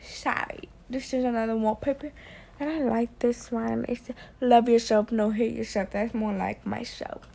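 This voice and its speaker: A woman with a high-ish, gravelly voice rambles slowly through a late-night bedroom vlog. She repeats herself, swings from loud ranting to soft near-whispers, and a faint hiss sits behind her. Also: fairly even intonation. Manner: rambling, repetitive, drifting between loud rants and quiet near-whispers. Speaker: vlogger.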